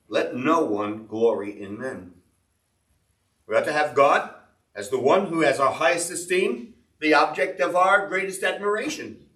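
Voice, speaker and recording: A man's voice: mid-range voice, fairly bright tone. A man preaching a sermon as a pastor, earnestly explaining scripture and reading verses aloud. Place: church. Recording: echoey church room, mic at a distance.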